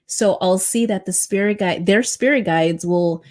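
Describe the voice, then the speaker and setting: A woman's voice: medium pitch, a little slow, darkish tone. A woman who guides past-life regressions, telling a story in a chatty way full of fillers. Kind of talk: casual storytelling on a podcast.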